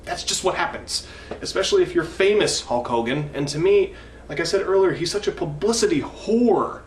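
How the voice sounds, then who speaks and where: A man's voice: high voice, expressive, normal speed, far from the mic. A man in his twenties ranting in a vlog, profane, indignant and rambling. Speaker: wrestling fan vlogger. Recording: echoey room, mic from afar, faint noise.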